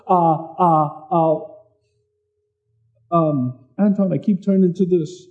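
A man preaching a sermon in a conversational way, who repeats words and reads scripture slowly. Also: high voice, expressive, mellow, muffled recording.

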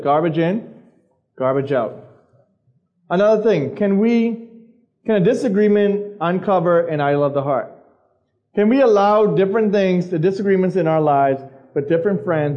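A man's voice: on the high side, normal speed, warm tone. A man preaching an informal sermon to teenagers as a youth pastor, chatty, asking questions of the room and repeating his phrases. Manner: conversational, asks the crowd questions, repeats phrases. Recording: dull lo-fi recording of a live service.

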